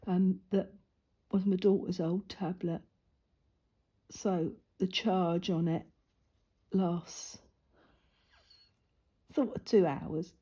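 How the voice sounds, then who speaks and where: A woman's voice: lowish voice, steady tone, very slow, long pauses, mellow, breathy edge. A middle-aged woman, out of breath, chatting and laughing at herself as she colours. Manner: chatty, self-mocking, laughs often. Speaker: craft vlogger. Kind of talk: casual chat while colouring.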